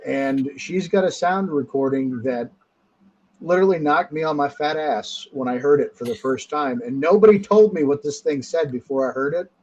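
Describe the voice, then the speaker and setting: A man's voice: a little high, normal speed, a little mellow, muffled recording. A man speaking as a guest in a casual interview, candid and emphatic. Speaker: guest researcher.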